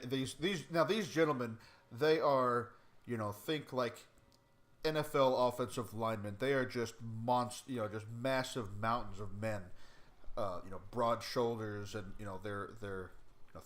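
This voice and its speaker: A man in the game master's seat, narrating a scene and walking players through the rules. He talks in a halting way, full of fillers and restarts, at a middling pitch.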